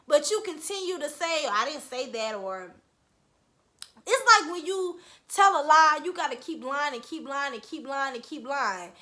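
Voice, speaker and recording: A woman's voice: high-pitched, animated, measured pace, pushed and bright. A young woman giving a blunt, profane casual recap of a reality show, scolding the cast as she goes. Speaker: reality TV reviewer.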